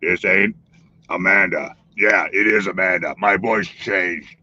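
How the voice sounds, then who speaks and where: A man putting on a slow, deep, mock-powerful joke voice on a live stream. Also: fairly even intonation, pushed and bright, breathy edge, no echo, exaggerated voice. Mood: teasing. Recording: dull lo-fi dry stream audio.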